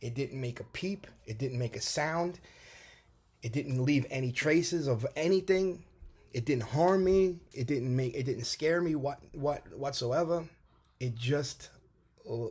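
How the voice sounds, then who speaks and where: Man telling a personal story, animated. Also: mid-range voice. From New York, USA. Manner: animated storytelling with many restarts and fillers. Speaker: vlogger telling a personal testimony. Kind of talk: casual spoken testimony.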